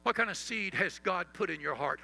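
Bright, gravelly-voiced preaching man. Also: high voice, animated, faint music behind, poor audio. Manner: preaching with call-and-response and recited scripture; drops to soft, slow tones for emphasis. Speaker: pastor. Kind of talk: sermon.

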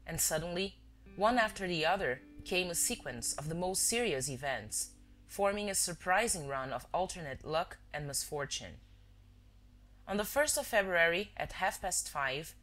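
A woman narrating a story in a measured, expressive reading. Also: on the low side. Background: faint music.

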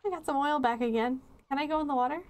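High-pitched gal streaming a creepy game, giggly and sarcastic, talks to chat a lot. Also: female voice, fast. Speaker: streamer playing a horror game. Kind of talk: live game commentary.

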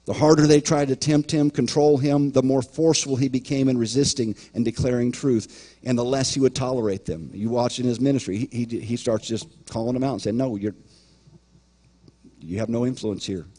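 Mellow-voiced pastor preaching emphatically. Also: male voice, mid-range voice, fairly even intonation, brisk, few pauses. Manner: emphatic, repeats words, quotes imagined voices. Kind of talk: sermon.

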